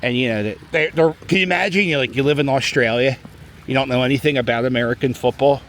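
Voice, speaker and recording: A man's voice: mid-range voice, fast talker, a bit bright, a little hiss or hum. A middle-aged man, vlogging outdoors on a snowy city plaza, talking chattily in a joking, rambling way into a handheld camera as he walks. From Philadelphia. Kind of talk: casual walking vlog commentary.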